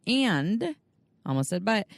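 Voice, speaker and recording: A woman's voice: medium pitch, sing-song, slow pace, creaky, dry recording. A woman co-hosting a casual podcast, talking in an earnest, coaching way with frequent restarts. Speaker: podcast co-host.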